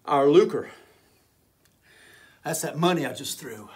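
A man preaching a fiery sermon as an evangelist, often shouting and repeating his phrases. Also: fairly high pitch, animated, takes it slowly.

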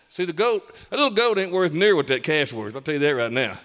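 A man's voice: a little high, expressive, normal speed, fairly bright tone. A man preaching a sermon as pastor, folksy and emphatic, his voice rising in bursts. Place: church sanctuary. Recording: long hall reverb.

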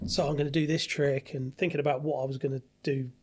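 A man's voice: mid-range voice, flat delivery, fast talker, slightly rough. A man, a podcast guest rambling through a personal story and acting out what others said, recorded on a studio mic. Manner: rambling anecdote, acts out others' lines. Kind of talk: casual storytelling chat.

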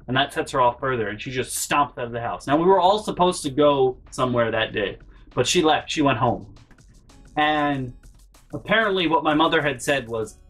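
A man hosting a comedic storytime vlog from his bedroom, telling stories with a sarcastic, animated delivery. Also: medium pitch, normal speed, soft background music. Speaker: vlog host.

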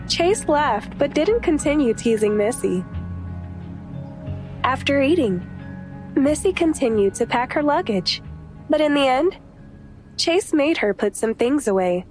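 A woman with a high voice narrates an audiobook in a steady, even way. Soft music plays faintly underneath her reading. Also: a little slow. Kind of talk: scripted narration.

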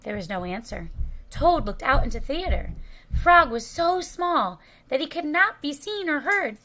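A woman reading a children's storybook aloud in a slow, careful way. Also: sits high, very animated, bright, forceful tone. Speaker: storybook reader.

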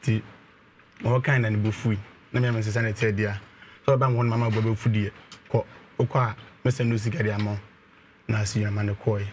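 A man calling in to tell a personal problem, speaking in a slow, halting way. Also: on the low side, little pitch movement, darkish tone, slight background noise. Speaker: caller.

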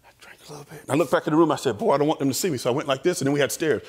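A man telling lively family stories in a chapel sermon, acting out the voices. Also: a little high, rapid-fire, slightly rough, long reverb tail. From American South. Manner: animated storyteller acting out voices. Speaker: chapel speaker. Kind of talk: storytelling sermon. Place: college chapel.

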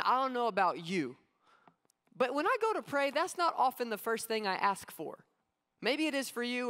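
A man's voice: high voice, fairly bright tone. A man preaching a sermon as pastor, conversational and storytelling, acting out quotes. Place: church sanctuary. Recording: long hall reverb.

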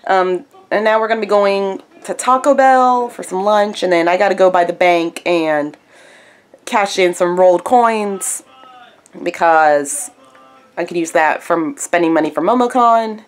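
A woman vlogging casually from home, her voice raspy and stuffed up from congestion, chatting in a rambling way with lots of fillers. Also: on the low side, measured pace. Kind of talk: casual daily vlog.

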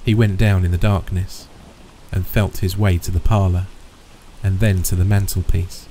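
Deep-voiced man narrating horror. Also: little pitch movement, moderate pace, warm tone, a little hiss or hum, rough recording.

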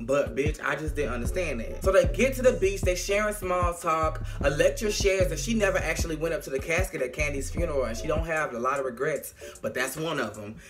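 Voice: mid-range voice, expressive, a little fast, few pauses, music in the background. A young adult vlogger recapping a TV episode in a sassy, dramatic way, acting out the characters' lines and speaking frankly and profanely to the viewers. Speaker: TV episode reviewer. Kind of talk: casual, animated recap with impressions.

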